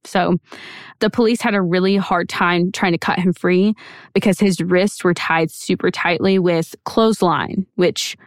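A woman's voice: fairly low pitch, steady tone, a little slow, dry recording. Woman podcast host recounting a crime story, chatty and filler-heavy, dry close sound. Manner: conversational, many fillers and hedges. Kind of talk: casual true-crime storytelling.

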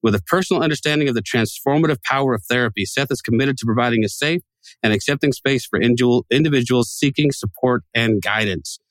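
A man's voice: medium pitch, fast, dry recording. A man co-hosting a casual podcast, joking and rambling, laughing often. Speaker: podcast co-host. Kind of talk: casual chat.

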